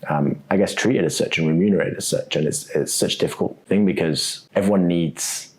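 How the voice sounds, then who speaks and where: A man's voice: sits low, brisk. A man being interviewed as a guest, talking casually and thinking aloud, often ending points with "right?". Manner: relaxed, thinks aloud with many ums and "right?" tags. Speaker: guest, co-founder of a web3 architecture startup.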